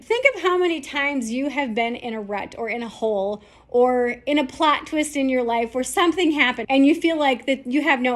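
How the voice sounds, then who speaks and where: A woman hosting a podcast, telling a story in a lively, animated way and acting out the characters' reactions. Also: sits high. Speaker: podcast host.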